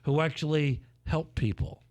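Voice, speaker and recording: On the high side and a little mellow, this man's voice keeps a fairly even intonation with no echo. He's a Philadelphia host bantering on a playful morning show, full of jokes and theatrical quick asides.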